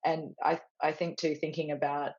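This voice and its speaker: A woman's voice: low-pitched, level tone, normal speed, darkish tone. Lo-fi, chatty middle-aged woman host. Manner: rambling, many restarts, laughs easily. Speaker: podcast host and stylist. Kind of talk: casual conversational chat. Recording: dull lo-fi sound.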